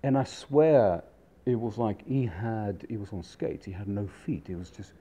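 A man's voice: fairly low pitch, a little slow, dark tone, a little hiss or hum. A middle-aged man casually telling a rambling anecdote with many fillers and restarts. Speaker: storyteller, restaurant industry veteran.

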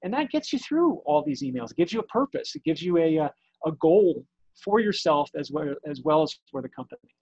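A man's voice: a little high, sing-song, brisk, darkish tone, breathy edge, no echo, highs cut off. A middle-aged man, an executive, answering an interview question and acting out an imagined dialogue over a video call. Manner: acts out an imagined dialogue in shifting voices. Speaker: technology company executive.

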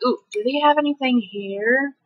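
A high-sitting female voice at normal speed comes through with lo-fi sound. She's hosting a gameplay video with casual, hyper chat while playing, laughing frequently and occasionally adopting a country twang.

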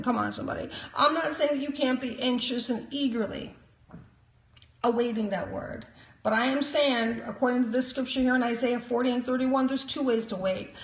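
A woman's voice: on the high side, a bit bright. A woman minister giving an emphatic sermon-style teaching, sprinkling in praises and chuckles. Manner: emphatic preaching with frequent "praise God" and chuckles. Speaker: prophet and minister. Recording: roomy echo.

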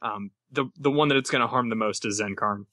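A man at a tabletop game, working through a strategy out loud with the group. His voice is of middling pitch and bright and forceful, and the recording is dry and close. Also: fairly quick, dry recording. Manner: thinks aloud while planning strategy. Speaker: player.

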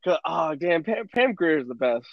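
A young man co-hosting a podcast in casual chat, telling a movie plot in an animated, profane way and acting out quotes. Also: a little high, normal speed, creaky, a crowd in the background. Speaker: podcast co-host. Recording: dry, dull lo-fi podcast audio.

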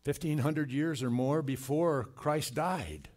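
A man preaching a sermon in a church, reading scripture and commenting with slow, earnest emphasis. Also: fairly high pitch, darkish tone. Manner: slow, earnest delivery with scripture read aloud and dramatic quoted cries. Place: church sanctuary.

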